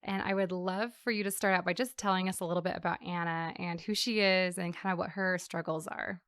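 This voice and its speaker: A woman's voice: on the low side, fairly even intonation, brisk, a bit bright, no echo, clean studio sound. A woman hosting a casual interview podcast, enthusiastic and affirming, who laughs along with her guest. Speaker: podcast host.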